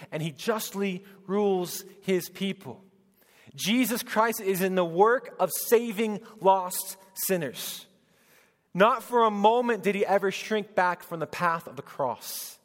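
High-voiced preacher in a reverberant hall. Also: male voice. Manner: swings from loud proclaiming to hushed, tender speech. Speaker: pastor. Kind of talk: sermon.

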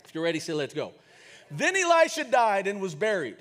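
A man preaching a sermon, leading the congregation in call and response and rising to shouts as he tells a story. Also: high-pitched, huge pitch swings, a little fast. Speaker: pastor.

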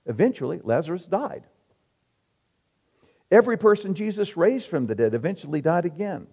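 Man, pastor, sermon, mellow voice, emphatic rhetorical questions, long hall echo. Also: medium pitch. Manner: emphatic preaching with rhetorical questions and dramatic pauses. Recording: reverberant hall, dull lo-fi sound.

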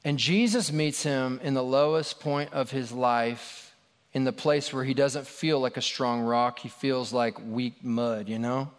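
A man's voice: medium pitch, clean tone. A man preaching a sermon in a conversational, storytelling way with casual asides, in a large hall. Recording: long hall reverb.

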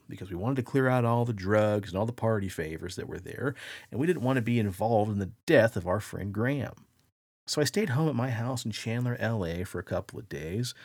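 Animated gravelly male podcast host. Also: lowish voice, dry recording, studio quality. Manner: animated, acts out quoted voices. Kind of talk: dramatic first-person story retelling.

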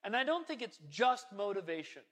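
Bright-voiced man telling a sermon story. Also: high voice, very animated, brisk. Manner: casual, rambling, self-deprecating, many fillers and restarts. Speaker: pastor.

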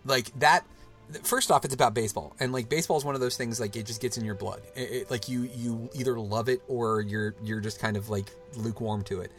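A man's voice: medium pitch, steady tone, a little fast, fairly bright tone, soft background music. A man in his thirties hosting a casual chat, talking loosely with lots of "like" and restarts. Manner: rambling, loose, full of "like" and restarts. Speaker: podcast host.

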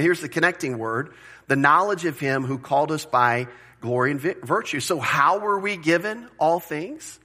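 A pastor delivers a sermon to his congregation in a fairly high voice, emphatic and animated, repeating phrases and throwing questions out to the room.

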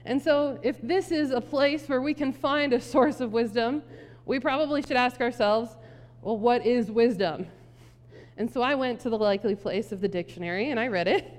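Woman, pastor, sermon, conversational storytelling, fairly high voice, reverberant hall. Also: moderate pace, darkish tone.

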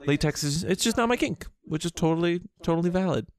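A man's voice: on the high side, animated. Playful teasing male podcast co-host. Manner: teasing, playful, quick with jokes. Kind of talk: casual chat.

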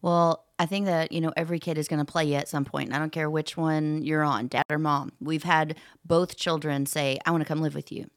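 A woman's voice: sits low, steady tone, a little fast, hardly any pauses, no echo, clean studio sound. A woman co-hosting a podcast in casual chat, talking in a frank, matter-of-fact way. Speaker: podcast co-host.

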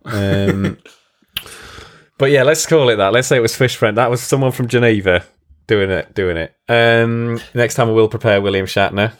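A man's voice: mid-range voice, normal speed. A man hosting a casual podcast chat, laughing often and swearing casually, poking fun at himself. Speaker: podcast host.

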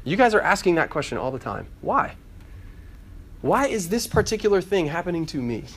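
A man's voice: sits high, very animated, brisk, a little hiss or hum. A man in his thirties preaching a conversational sermon to a student group, often repeating phrases. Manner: conversational, repeats himself, acts out quoted voices. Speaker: campus ministry preacher.

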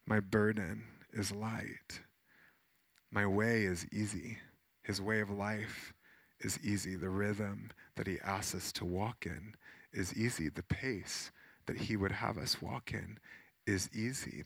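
Bright, conversational male preacher. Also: fairly low pitch, vocal fry, dry recording. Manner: conversational, a little snarky, acts out scenes with rising urgency. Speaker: pastor. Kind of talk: sermon.

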